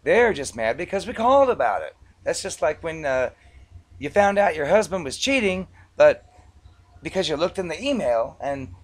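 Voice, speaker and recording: Casual higher-pitched male storyteller. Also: normal speed. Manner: conversational, relaxed, with filler words. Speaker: vlogger recounting past collections work.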